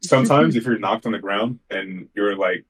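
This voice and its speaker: Easygoing low-voiced man telling stories. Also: normal speed, breathy edge. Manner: easygoing storyteller, acts out quotes. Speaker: podcast co-host. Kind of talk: casual gaming news chat.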